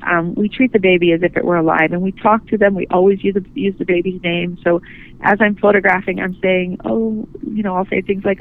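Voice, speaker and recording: Earnest gentle lady on the phone, kinda gravelly, thin phone-line sound. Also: medium pitch, steady tone, fairly quick. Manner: earnest, gentle, many restarts. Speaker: guest, bereavement photographer. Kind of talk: phone interview.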